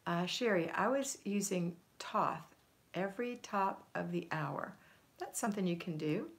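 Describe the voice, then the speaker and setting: Low-voiced woman chatting on a livestream. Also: a little slow. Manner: warm encouraging, reads comments aloud and answers. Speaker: homemaking coach hosting a livestream. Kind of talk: casual livestream chat reading viewer comments.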